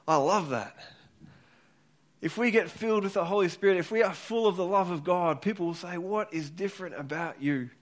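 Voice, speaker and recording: A high-voiced man delivering a sermon in an earnest, urging way. As a pastor speaking to his congregation, he often doubles back on a word before pressing his point home. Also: normal speed. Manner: earnest, urging, repeats words as he builds each point.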